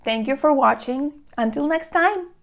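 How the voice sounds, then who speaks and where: Woman, high pitch, English teacher, clear deliberate delivery, stresses key words. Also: lively intonation. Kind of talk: grammar lesson to camera. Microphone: phone camera.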